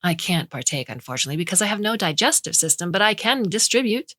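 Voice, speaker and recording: A woman voicing a household robot that speaks as a playful late mother, husky, with a Brooklyn accent. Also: medium pitch, very animated, quick pace, pushed and bright, no room sound. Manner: teasing, affectionate.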